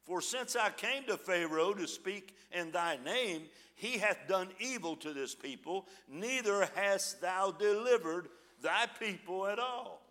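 Pastor, male, folksy sermon delivery, high bright voice, scripture read with dramatic pauses. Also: animated.

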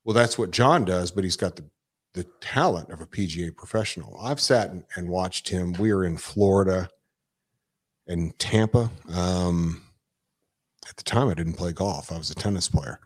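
Lower-pitched man telling a story animatedly. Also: moderate pace. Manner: animated, swearing, acts out quotes. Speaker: guest storyteller. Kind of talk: casual storytelling.

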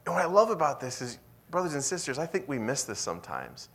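A young man preaching a sermon in a lively, conversational way, sometimes dropping to a whisper. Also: fairly high pitch, fast talker. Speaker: pastor.

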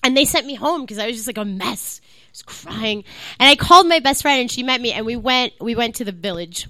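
A woman's voice: a little high, lively intonation, fairly quick, sharp tone, no room sound. A woman comedian telling a story as a guest on a live comedy podcast. She is bubbly, laughs often and fills her talk with "like". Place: live comedy club stage.

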